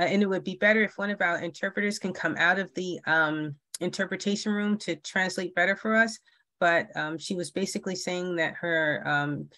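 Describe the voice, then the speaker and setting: A woman's voice: on the low side, fairly bright tone, no room sound. A woman leading an online parent workshop, talking with many fillers and restarts. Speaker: workshop facilitator.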